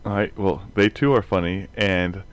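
A man's voice: low voice, fairly even intonation, moderate pace, clear, resonant tone. A man in a casual group chat, telling rambling anecdotes and chuckling often as he goes.

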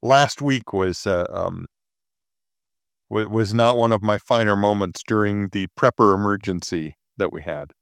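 A man's voice: on the low side, a little slow, vocal fry, clean tone, dry recording. A man in his sixties chatting casually as a co-host, telling stories about himself with dry, self-mocking humor. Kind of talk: casual chat.

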